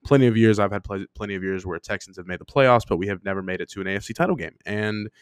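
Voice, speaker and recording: A man co-hosting a sports podcast in casual chat, excitable and rambling, swearing freely as he gets worked up about his teams. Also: fairly low pitch, very fast, smooth, no echo, studio quality. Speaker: podcast co-host. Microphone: remote podcast mic.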